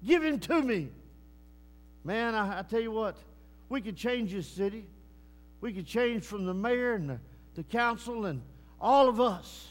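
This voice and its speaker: A man preaching a sermon and telling a moving story, swinging between loud bursts and hushed lines. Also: high voice. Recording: long echoing church hall reverb.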